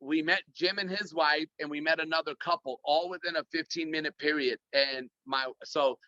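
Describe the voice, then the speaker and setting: Man on a phone call, bright forceful voice, dry dull sound, gushing, keeps restarting. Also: a little high, fairly even intonation, normal speed, no echo. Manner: rambling and effusive, many restarts. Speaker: guest speaker. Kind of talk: casual video call talk. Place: corporate office.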